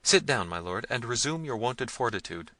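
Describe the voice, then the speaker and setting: A man voicing a gentle, devoted middle-aged princess in a raised, soothing voice. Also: mid-range voice, big pitch swings, moderate pace, no room sound. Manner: soothing, pleading delivery.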